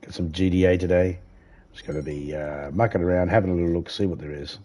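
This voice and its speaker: Australian man, fairly low voice, laid-back live-stream chatter, rambling, greets chat. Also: quick pace. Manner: relaxed, rambling, greets viewers by name.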